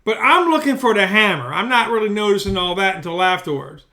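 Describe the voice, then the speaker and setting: In his bedroom at home, a man tells a loose, rambling, profane story into a studio mic as a storytelling vlogger. His voice is high, expressive and sharp, and he talks fast.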